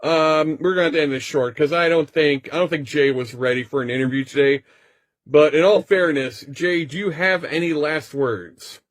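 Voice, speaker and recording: A man's voice: a little high, normal speed, no room sound. A man playing a mock sports reporter in a comedy bit, over-the-top and indignant. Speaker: comedy correspondent.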